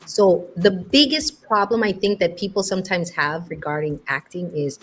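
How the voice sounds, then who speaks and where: A woman's voice: fairly low pitch, moderate pace, faint music behind. A young adult woman, a voice actress being interviewed, chatting playfully and showing off different voices. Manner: playful, demonstrates voices freely. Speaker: voice actress guest. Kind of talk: casual interview chat.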